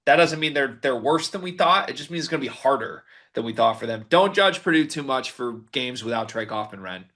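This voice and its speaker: A man with a bright, forward voice at an ordinary pitch, co-hosting a casual sports podcast. He runs the segment, reads out the numbers and tosses each question to his partner. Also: lively intonation, brisk. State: hiccuping. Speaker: podcast co-host.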